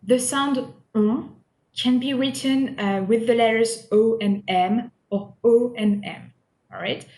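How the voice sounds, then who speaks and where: A woman's voice: fairly high pitch, slow, mellow. A woman teaching pronunciation in a recorded lesson, patient and repetitive, often checking in with the listener. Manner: patient, repeats sounds and checks in with "all right?". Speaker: French teacher. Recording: echoey room.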